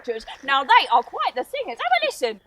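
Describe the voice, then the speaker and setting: A woman's voice: sits high, wildly swooping pitch, fast talker, noisy background. A woman voicing a self-absorbed mother frog who gushes and talks without stopping, in an audio drama. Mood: gushing. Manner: gushing, talks nonstop.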